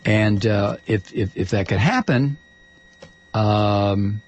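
A man's voice: lowish voice, slow. A middle-aged man hosting political talk radio. He rants heatedly and stumbles over repeated words as he goes. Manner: heated, ranting, stammering restarts.

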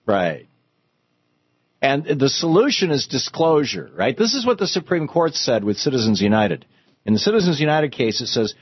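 A husky-voiced male radio host holds forth on politics, mocking his opponents with rising disbelief. His voice sits in a middle pitch, and the sound is dry and a little dull. Faint music plays behind him. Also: a little fast, no room sound. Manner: animated, sarcastic, rising to outrage. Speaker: radio talk show host. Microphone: studio microphone.

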